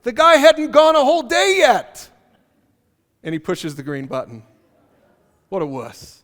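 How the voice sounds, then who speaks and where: Male pastor, high voice, animated and joking, conversational sermon, hall reverb. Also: moderate pace. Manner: animated storytelling with humor, repeats key phrases. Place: church auditorium.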